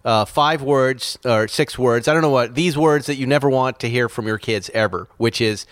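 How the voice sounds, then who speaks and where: A man's voice: mid-range voice, moderate pace, hardly any pauses, no room sound, studio quality. Self-mocking man telling a story. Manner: animated, self-mocking, laughs while telling. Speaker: podcast co-host. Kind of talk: casual chat, storytelling.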